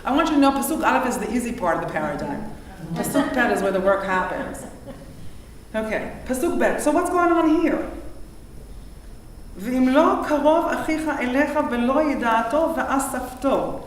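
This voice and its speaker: A rabbinic teacher from Israel leads a text study in quick, animated bursts full of questions. Her voice sits a bit high. She is heard from a distance in a strongly echoing hall. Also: a little hiss or hum. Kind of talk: interactive text study lecture. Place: large synagogue hall. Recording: echoey hall, mic far off.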